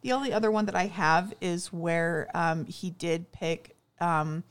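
A woman co-hosting a casual chat, retelling scenes haltingly with many fillers and quoted lines. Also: on the low side, clean tone. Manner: hesitant storytelling with many fillers, acting out quotes. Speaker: podcast co-host. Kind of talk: casual chat recapping a TV movie.

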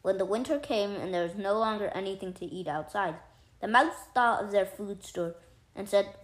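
A woman reading a fairy tale aloud in a calm, measured storytelling manner. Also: medium pitch. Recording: roomy echo.

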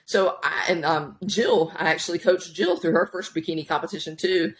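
A woman's voice: on the low side, normal speed. A woman in her thirties, a powerlifting coach, telling her story casually in an interview with lots of restarts and asides. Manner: rambling, animated, many restarts. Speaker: podcast guest, powerlifting coach.

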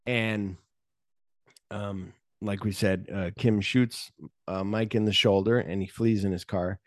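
A man's voice: fairly low pitch, measured pace, no echo, studio quality. A man hosting a casual movie podcast, retelling scenes with swearing and acting out the characters' lines. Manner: animated storytelling, swears freely, acts out characters' lines. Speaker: podcast host.

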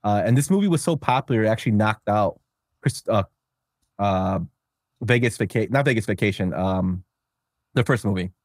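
A man's voice: lowish voice, animated, normal speed, pauses often, no echo, clean studio sound. A man hosting a podcast, chatting casually and rambling with filler words. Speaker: podcast host. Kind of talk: casual chat.

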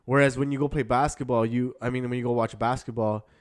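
A man's voice: medium pitch, fairly even intonation, quick pace. A man in casual chat, giving firm opinions in an everyday voice. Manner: opinionated, talks sports.

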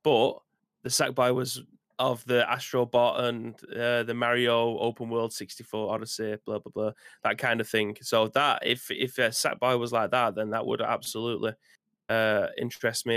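A man's voice: medium pitch, level tone, moderate pace, fairly bright tone, no echo, clean studio sound. A young man co-hosting a casual gaming podcast, talking in a rambling, hesitant way. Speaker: podcast co-host. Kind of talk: casual chat.

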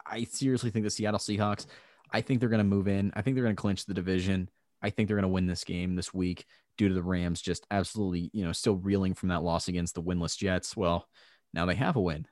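A man with a deep, low voice on a sports talk panel. He starts his points with ums and false starts, then commits with enthusiasm. The sound is dry. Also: fairly even intonation, fairly quick, darkish tone, no echo. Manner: hesitant, many ums, eager. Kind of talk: casual sports chat.

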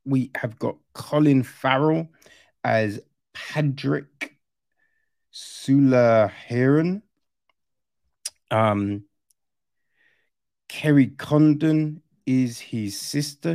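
A man's voice: mid-range voice, extremely slow, creaky, long pauses, darkish tone, no echo, clean studio sound. A man chatting casually through a film review, rambling and often tossing in "right?" as an aside.

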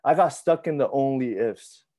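Animated preacher in his thirties. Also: mid-range voice, normal speed. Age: 30s. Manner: conversational, animated, repeats himself and acts out his own thoughts. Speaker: pastor. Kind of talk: sermon.

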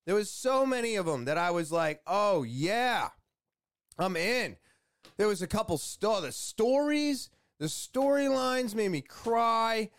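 A man's voice: high voice, lively intonation, unhurried, clean tone, dry recording, studio quality. A man hosting a podcast, talking in a rambling, blunt way with swearing and lots of fillers. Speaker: podcast host. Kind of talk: casual podcast rant.

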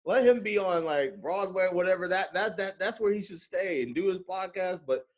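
A man's voice: high-pitched, expressive, normal speed. A man on a podcast in casual chat who agrees often and explains with comparisons. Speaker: podcast co-host.

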